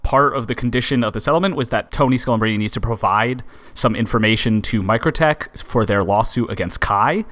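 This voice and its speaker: Podcast guy doing the news segment, blunt, swears a bunch, normal pitch. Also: brisk, fairly bright tone. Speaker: podcast co-host reading the news. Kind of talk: casual chat.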